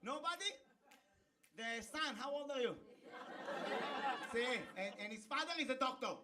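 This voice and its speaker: Playful high-pitched man interviewing strangers, non-native English, mic set back, bustling crowd. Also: lively intonation, moderate pace. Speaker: street interviewer. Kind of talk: joking street banter. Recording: distant mic with crowd noise.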